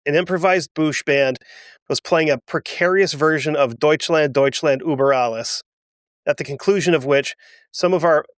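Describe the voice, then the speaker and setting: A man's voice: fairly high pitch, normal speed, clean tone, no room sound, studio quality. A man hosting a history podcast, reading aloud a first-hand wartime account and breaking off for emotional, self-deprecating asides. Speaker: podcast host.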